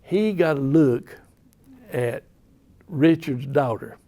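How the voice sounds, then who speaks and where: A man's voice: mid-range voice, takes it slowly, mellow. An older man with an Appalachian accent, telling rambling, folksy stories in casual talk. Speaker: storyteller. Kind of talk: casual storytelling.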